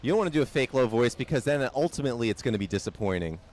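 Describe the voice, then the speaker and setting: A man's voice: medium pitch, expressive, rapid-fire, darkish tone. A young man streaming a video game, chatting casually, repeating himself and answering viewer comments. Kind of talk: casual live-stream chat while gaming.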